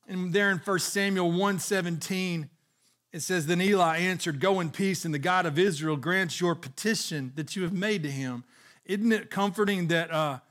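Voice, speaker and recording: Earnest higher-voiced male preacher. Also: a bit bright. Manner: earnest preaching, reads scripture aloud, frequent restarts. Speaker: pastor. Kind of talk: sermon.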